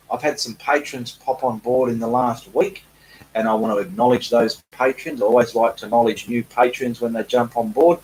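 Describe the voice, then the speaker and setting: Australian man, middle-aged, casual live-stream chat, self-deprecating, average pitch. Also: darkish tone, slight background noise, low-quality recording. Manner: chatty, self-deprecating, reads comments aloud. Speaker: artist hosting a live Q&A.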